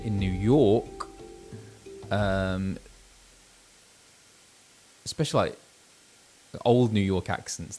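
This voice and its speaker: A British man, a voice actor live-streaming a game, chatting casually in a rambling way with lots of fillers. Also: on the low side. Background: background music.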